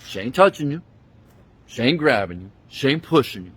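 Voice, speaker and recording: A man's voice: mid-range voice, very animated, normal speed, breathy edge. Man ranting a heated, profane story. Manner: heated, profane, indignant retelling; switches phone between hands while talking. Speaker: vlogger. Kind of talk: angry storytime rant. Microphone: handheld phone.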